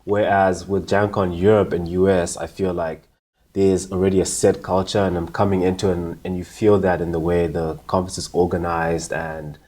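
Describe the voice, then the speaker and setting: A man's voice: sits low, flat delivery, normal speed, a little mellow. A young man from Zimbabwe, a conference organizer, answering interview questions in an easygoing, thoughtful way.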